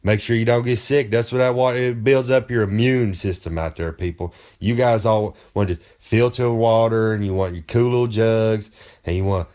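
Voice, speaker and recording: A man's voice: fairly low pitch, normal speed, darkish tone. A pro wrestler man giving road tips in a comedic in-character monologue, boastful and rambling in folksy slang.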